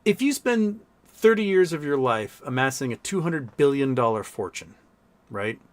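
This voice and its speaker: Man, live stream host, casual chat, blunt and profane, mocking, average pitch. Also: expressive, normal speed. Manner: reads viewer chat messages aloud.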